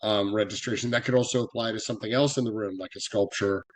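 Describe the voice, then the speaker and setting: A man's voice: fairly low pitch, steady tone, quick pace. A man from the US West Coast, a guest expert giving practical copyright advice in a podcast interview, with many small fillers. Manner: earnest, practical, filler-laden explanations.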